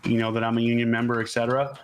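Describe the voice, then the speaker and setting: A man's voice: mid-range voice, little pitch movement, very fast, slight background noise. A laid-back man from Florida, an actor guest on a podcast who tells stories and swears freely while chatting casually during a game.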